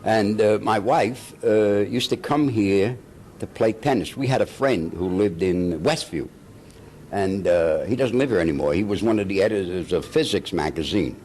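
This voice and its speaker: An older man with a lowish voice tells his stories with lively, swooping intonation. He chuckles as he goes and slips into the voices of the people he quotes, like a veteran actor reminiscing in an interview. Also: normal speed, slight background noise. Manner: animated, chuckling storyteller who acts out the people he quotes. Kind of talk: anecdotal storytelling.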